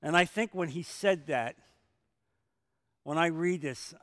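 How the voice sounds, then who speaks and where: A man preaching a sermon as pastor, emphatic, with rhetorical questions and sudden swings in loudness. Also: fairly high pitch, takes it slowly, dry recording, clean studio sound, big-room sound.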